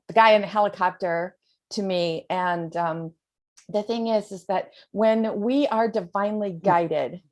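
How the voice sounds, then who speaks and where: An American woman coach talks earnestly over a video call. She rambles at times, with many fillers, in a mid-pitched voice. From United States. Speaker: spiritual coach, host. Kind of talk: spiritual talk on a video call.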